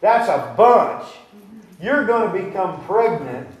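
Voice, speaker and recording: Male preacher with a higher-pitched voice, heard from far off in a reverberant church, quizzing his flock. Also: animated, slow pace. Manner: questions the congregation directly; retells scripture in plain, folksy words. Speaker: pastor. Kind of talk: sermon. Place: church sanctuary. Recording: echoey church recording from afar.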